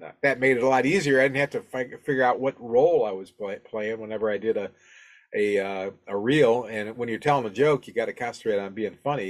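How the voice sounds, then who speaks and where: A man hosting a podcast, giving casual advice in a rambling, friendly, self-deprecating way with lots of fillers and restarts, into a podcast microphone. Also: lowish voice. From Alabama, US. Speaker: podcast host.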